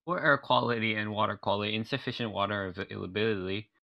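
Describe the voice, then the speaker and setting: A man's voice: lowish voice, gravelly, dull audio. A man reading an article aloud on a casual podcast, stumbling over words now and then. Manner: reads haltingly, stumbling over words with fillers.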